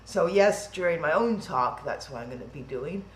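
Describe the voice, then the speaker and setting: A woman's voice: sits low, expressive, moderate pace, reverberant, poor audio. A woman hosting a live-streamed event from home, rambling in a chatty, self-deprecating way. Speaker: event host. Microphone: webcam stream.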